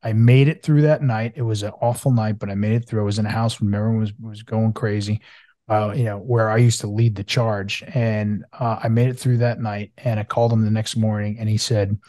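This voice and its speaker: Low-voiced man hosting a podcast. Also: steady tone, a little fast, dark tone, no echo. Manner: eager, emphatic recounting of a personal story. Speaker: podcast host. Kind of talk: casual conversational storytelling.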